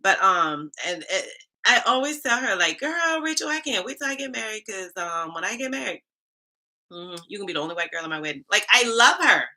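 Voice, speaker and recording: Sassy, bright-voiced Southern woman host. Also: mid-range voice, a little fast. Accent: Southern US Black vernacular, Charleston Geechee. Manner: animated, sassy, talks back to chat comments. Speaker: livestream host, HR coach. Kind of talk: casual livestream chat with viewers.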